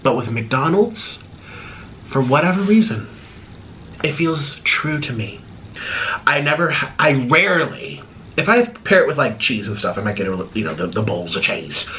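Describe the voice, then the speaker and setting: A man hosting an eating vlog at home, chatting casually while he eats, swinging between bubbly high exclamations and low mumbled asides. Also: very animated, moderate pace, bright, forceful tone, a little hiss or hum. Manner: chews and talks while eating. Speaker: mukbang host.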